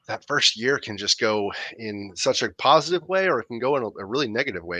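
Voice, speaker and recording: A man co-hosting a podcast who reflects in a casual, halting way. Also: low-pitched, pushed and bright, dry recording. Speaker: podcast co-host. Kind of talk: casual chat.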